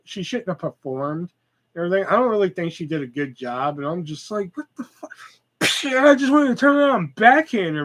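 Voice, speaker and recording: A man's voice: fairly high pitch, fairly bright tone, poor audio. Rambling, profane man chatting solo. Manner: rambling, profane, many fillers and stutters. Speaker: podcast host. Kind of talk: casual solo chat.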